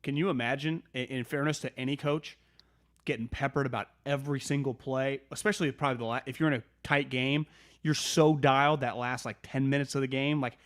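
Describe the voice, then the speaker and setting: A man's voice: mid-range voice, steady tone, a little fast, fairly bright tone. A man co-hosting a casual sports talk show, bantering loosely with plenty of swearing. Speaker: co-host.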